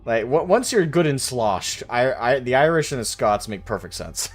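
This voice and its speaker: A man streaming a game with friends, chatting casually in excitable, profane, joking banter. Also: mid-range voice, normal speed. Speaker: gaming streamer. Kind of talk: casual gaming chat with friends. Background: game music.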